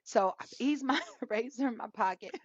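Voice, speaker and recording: A middle-aged woman co-hosting a podcast, telling a story in a casual, animated way and laughing often. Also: fairly high pitch, normal speed, husky, no echo. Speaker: podcast co-host. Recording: dull lo-fi dry sound.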